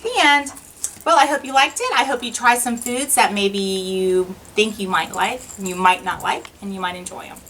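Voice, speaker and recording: A woman teacher reading a rhyming children's picture book aloud in an expressive, sing-song way. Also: medium pitch, moderate pace, distant mic, a little hiss or hum, low-quality recording.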